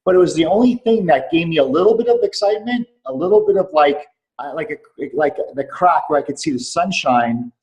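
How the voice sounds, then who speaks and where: A man's voice: fairly high pitch, animated, fairly quick, a little mellow, low-quality recording. A middle-aged man on a remote call, telling a personal story earnestly as a podcast guest, repeating phrases for weight. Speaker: podcast guest, clinic doctor.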